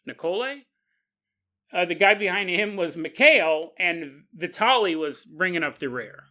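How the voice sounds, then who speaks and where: A man with a fairly high, bright voice narrates a paranormal tale as a podcast host. He talks casually and with energy, chuckling and throwing in asides to the listener. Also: measured pace. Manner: animated, chuckling, conversational asides.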